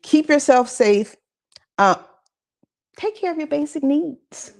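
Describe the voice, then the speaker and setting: A woman speaks at a church gathering about mental health, her voice carrying a gravelly, fry-tinged edge. She talks in a conversational, encouraging way and keeps turning to the listeners with casual asides. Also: high voice, animated, slow, a little mellow. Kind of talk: church talk session. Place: church gathering with audience responses.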